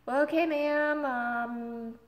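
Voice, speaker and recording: Lady doing a bored rude call center woman, slow draggy dismissive voice, echoey room. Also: sits high, steady tone, voice pushed up. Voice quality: slow, sluggish, dismissive drawl. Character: tired, rude female phone agent.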